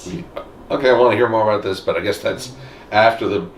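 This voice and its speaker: A man co-hosting a casual podcast chat, animated and jokey. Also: quick pace, vocal fry, echoey room, a little hiss or hum. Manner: animated, jokey, swings pitch widely. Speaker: podcast co-host.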